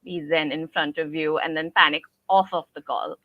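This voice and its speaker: Laid-back woman guest, low-pitched, dry. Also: steady tone, moderate pace, dry recording, lo-fi sound. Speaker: podcast guest, operations manager. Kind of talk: casual interview chat.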